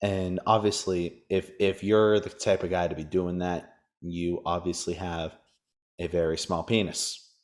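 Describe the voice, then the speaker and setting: A man's voice: low voice, level tone, measured pace, a little mellow. A man hosting a casual sports podcast, ranting and cracking crude jokes. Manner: crude, joking rants. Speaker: podcast host.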